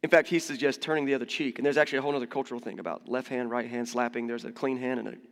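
Conversational pastor in an echoing hall. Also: male voice, mid-range voice, steady tone, rapid-fire, gravelly. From United States. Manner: conversational, humorous, with frequent asides and restarts. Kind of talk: sermon.

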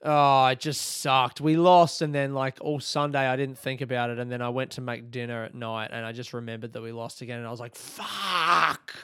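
Young man, Australian accent, casual sweary podcast chat, mid pitch, dry sound. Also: flat delivery, brisk, hardly any pauses, smooth, dry recording. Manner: rambling, laid-back and sweary. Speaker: podcast host.

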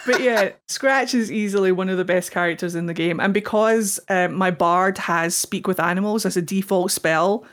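A woman co-hosting a casual gaming podcast, talking in a chatty, excitable way and often breaking into laughter. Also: medium pitch, fairly quick, hardly any pauses. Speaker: podcast co-host.

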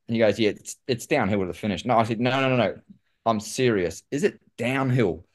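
A man with a New Zealand accent, a guest telling lively stories in casual conversation and saying "mate" often. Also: mid-range voice, brisk. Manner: animated, says "mate" often. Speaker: guest, former pro cyclist. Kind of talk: casual storytelling.

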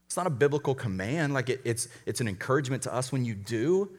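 A man who is a college pastor, preaching a conversational sermon with quick asides and light humor. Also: medium pitch, animated, long reverb tail.

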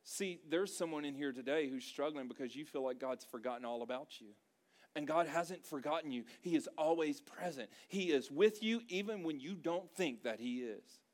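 Male pastor with a high voice, preaching in a conversational, emphatic way to his church. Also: normal speed. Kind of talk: sermon.

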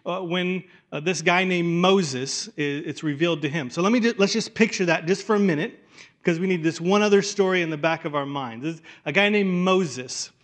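A man preaching a sermon in a conversational way, restarting phrases and dropping to a hush for weight. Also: high voice, fairly quick. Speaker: pastor.

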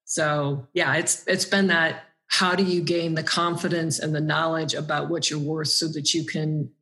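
A woman's voice: low voice, little pitch movement, moderate pace, a bit bright. A woman guest on an interview podcast, talking earnestly and reflectively about her own experiences.

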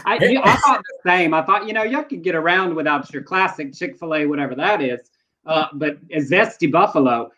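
A man's voice: a little high, animated, brisk, sharp tone, lo-fi sound. A man with a Southern US accent, co-hosting and producing a casual news podcast, talking in a wry, joking way.

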